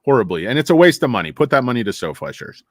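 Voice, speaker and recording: A middle-aged livestream host, worn out yet over-caffeinated, rambles and jokes with the chat while greeting people. He speaks at medium pitch in a sing-song, racing way, and the recording is dry.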